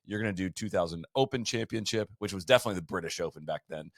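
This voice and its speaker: A man co-hosting a podcast in casual chat, animated and often restarting his sentences. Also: deep voice, rapid-fire, dry recording, clean studio sound. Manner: animated, with frequent restarts and stumbles. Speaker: podcast co-host.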